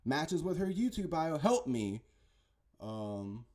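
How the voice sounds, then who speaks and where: Taking his time, this man speaks in a fairly high, slightly mellow, sing-song voice. He rambles casually about conspiracies, stumbling often and insisting with constant "right?" and "okay?".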